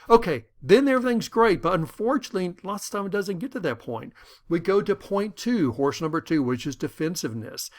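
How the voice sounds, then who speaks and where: Man with a lively, rising lecture voice. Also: high-pitched, brisk. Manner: animated storytelling that acts out dialogue. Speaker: lecturer on conflict management. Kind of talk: lecture with personal anecdotes.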